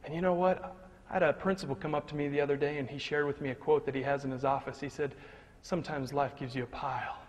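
Brief: high-pitched man, motivational speaker, big echoing hall, faint background hiss. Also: quick pace. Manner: animated and humorous, swings between loud punchlines and hushed moments. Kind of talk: live motivational speech with storytelling. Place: large hall before a live audience. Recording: long reverb of a large hall, faint noise.

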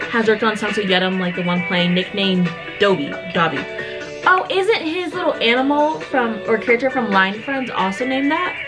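A woman hosting a casual reaction video, chatty and gushing, often apologizing for getting carried away. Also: medium pitch. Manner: gushing, chatty, keeps apologizing for her excitement. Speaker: reaction channel host. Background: music from the video she reacts to.

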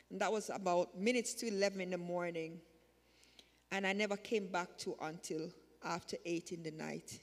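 A church member shares her testimony during a service in the sanctuary, speaking repetitively and with emphasis that grows more fervent. She has a mid-range voice, and the sound is that of a big room.

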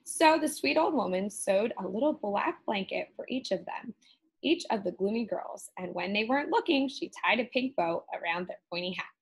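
Woman teacher, storybook read-aloud, lively melody, gravelly and husky edge. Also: mid-range voice, moderate pace, rough recording. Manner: expressive, animated storytelling. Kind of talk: reading a picture book aloud.

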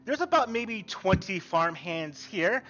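A man narrating a tabletop game as game master, describing scenes in a relaxed, halting way. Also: high-pitched, highs cut off.

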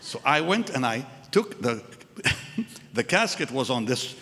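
A man's voice: medium pitch, very animated, unhurried, pushed and bright. A man preaching a sermon at a live church service, telling a personal story and acting out the voices of the people in it. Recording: live church hall with reverb and music.

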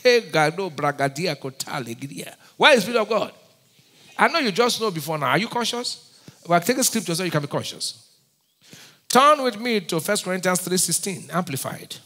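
A man with a Nigerian accent preaching a sermon, firing call-and-response questions at his congregation and breaking into sudden shouts. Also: high voice, big pitch swings, fairly quick, long reverb tail. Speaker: pastor.

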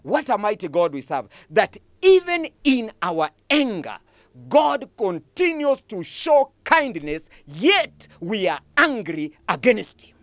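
Emphatic preacher with lively pitch. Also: male voice, takes it slowly, no echo. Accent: Kenyan English. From Kenya. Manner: emphatic preaching with repeated phrases. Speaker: pastor. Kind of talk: sermon.

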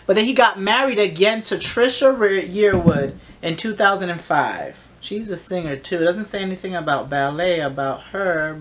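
A woman's voice: lowish voice, fairly bright tone. Sassy woman talking back at the TV. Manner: sassy, talks back to the screen. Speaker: reaction vlogger. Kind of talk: casual reaction commentary.

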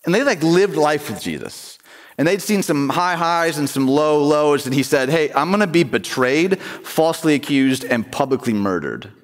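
A male pastor preaches in a relaxed, conversational way, often turning to the congregation with questions. His voice sits fairly high and swings up and down with expression. It rings out with the long reverb of a church sanctuary. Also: moderate pace. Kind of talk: sermon.

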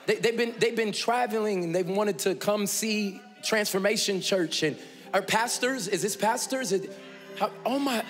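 A high-pitched man pastor talks to his congregation in a big church sanctuary during a live service. He is energetic and playful, calling out to the crowd and shouting over them. Clear worship music plays behind him. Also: moderate pace.

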